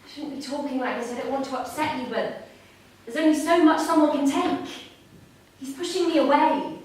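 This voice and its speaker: A woman's voice: sits high, fairly quick, a little mellow, close to an everyday voice. An actress playing a strained wife and mother who sounds tense and weary, in a stage drama. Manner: tense and weary, fighting to stay composed. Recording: echoey hall from far off, faint noise.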